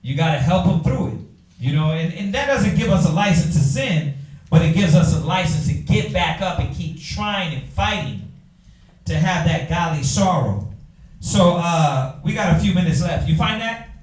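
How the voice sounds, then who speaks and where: A man, teaching a Bible class in an animated preaching style, talking straight to the room. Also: a little high, normal speed, recorded from a distance. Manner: animated, talks to the room, acts out quoted voices. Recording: echoey room from afar.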